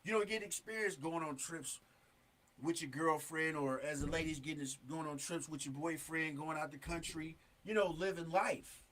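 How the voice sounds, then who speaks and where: A man's voice: a little high, moderate pace, a bit bright. A man hosting a talk show, giving earnest, emphatic advice in casual street talk. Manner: earnest, emphatic street talk with many "you know what I'm saying".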